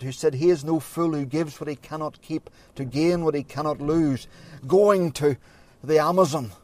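Preacher guy giving a sermon, kinda high voice, dry sound, earnest with lots of pauses. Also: darkish tone, no room sound. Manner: earnest, building emphasis with pauses.

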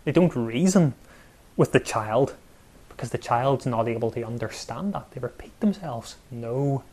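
A man preaching a sermon, measured and emphatic, with pauses and repeated words for stress. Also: mid-range voice, expressive, darkish tone, breathy edge.

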